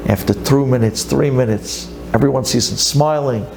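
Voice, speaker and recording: A man, a rabbi, telling a story in a sermon with animated, dramatic delivery. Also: medium pitch, normal speed, vocal fry, music in the background.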